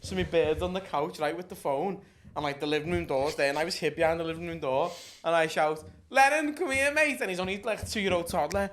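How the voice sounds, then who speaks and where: Animated man telling stories. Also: a little high, fast talker. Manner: animated, laughs through his stories, swears freely. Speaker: podcast co-host. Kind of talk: casual storytelling chat.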